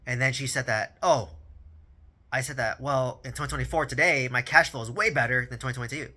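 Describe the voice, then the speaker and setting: Casual male vlogger, thirties, bright tense tone, chatty storyteller who restarts words often. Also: mid-range voice, fairly quick. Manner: rambling storytelling, lots of "right?" and repeated words. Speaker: vlogger on real estate and personal finance. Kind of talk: casual talking-head monologue.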